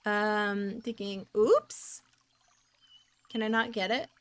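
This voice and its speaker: Speaking slowly in a medium pitch with fairly even intonation, a woman from the Netherlands offers casual commentary while streaming a game. She is bubbly and talkative and reads out messages from chat.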